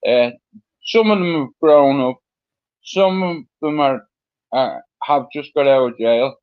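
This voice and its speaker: Speaking a little slowly in a mid-range voice, a middle-aged guest from Dublin rambles through his story with lots of fillers and swearing. The sound is dull and lo-fi.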